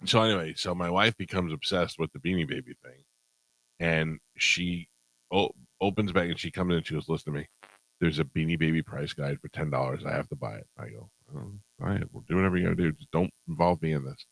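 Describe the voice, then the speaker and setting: Deep-voiced male radio host. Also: lively intonation, quick pace, creaky, a bit bright, no echo, poor audio. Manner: storytelling, amused, laughs often. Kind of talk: casual radio chat.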